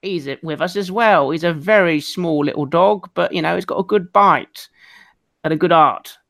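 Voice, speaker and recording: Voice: medium pitch, normal speed, creaky, a bit bright, dry recording. Player rambling in character, dry recording. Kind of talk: in-character role-play.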